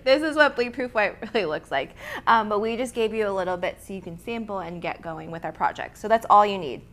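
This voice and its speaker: A woman's voice: mid-range voice, animated, a little fast, fairly bright tone. Chatty woman hosting an art tutorial. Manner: chatty, laughs easily, many ums and restarts. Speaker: art instructor and host. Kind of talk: casual tutorial talk.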